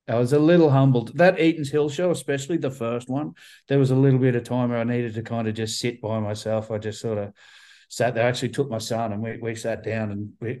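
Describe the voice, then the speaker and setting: A band member appears as a guest in a casual video-call interview, speaking in a lowish, dark voice. He rambles, swears often, and restarts his sentences many times.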